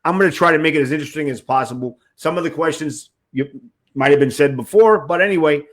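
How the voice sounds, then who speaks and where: A man's voice: on the high side, fast. A man from Queens with a heavy New York accent, hosting an interview in a chatty, jokey way. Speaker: podcast host. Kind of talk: casual interview chat.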